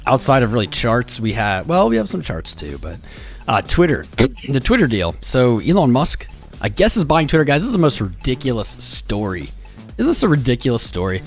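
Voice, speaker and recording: A man from the United States hosting a casual crypto live stream, laid-back and rambling, greeting chat by name, a little hoarse from losing his voice. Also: medium pitch, huge pitch swings, moderate pace. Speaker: crypto livestream host. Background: music playing.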